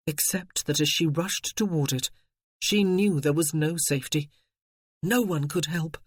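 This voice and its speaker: Expressive audiobook narrator, mid pitch, dry close read. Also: measured pace, breathy edge, dry recording. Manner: expressive storytelling. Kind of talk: scripted narration.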